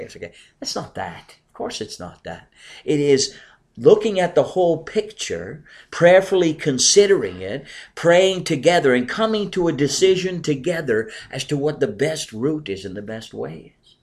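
A middle-aged pastor preaching earnestly to a congregation, pressing his points with emphasis, then dropping to quieter asides. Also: mid-range voice, big pitch swings, moderate pace. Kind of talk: sermon with congregation replies.

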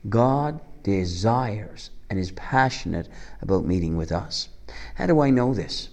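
A man's voice: on the low side, animated, a little slow, darkish tone. A man preaching a sermon, earnest and asking the congregation rhetorical questions.

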